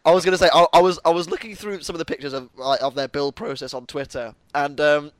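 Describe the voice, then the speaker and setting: A man co-hosting a casual podcast, excitable and quick to laugh, often stammering over his words. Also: a little high, no echo. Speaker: podcast co-host. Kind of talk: casual chat.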